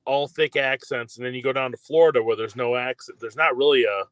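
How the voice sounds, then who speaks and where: A man's voice: medium pitch, fairly even intonation, brisk, a bit bright, no echo. Easygoing man in a dry podcast chat. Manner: easygoing, agreeable, loose phrasing. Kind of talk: casual chat.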